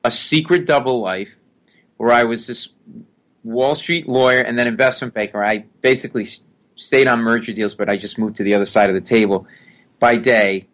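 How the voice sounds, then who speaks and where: A man's voice: mid-range voice, moderate pace. A middle-aged man telling a long story in a casual interview. He acts out the people he describes. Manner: animated storyteller who acts out the people in his stories. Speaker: guest.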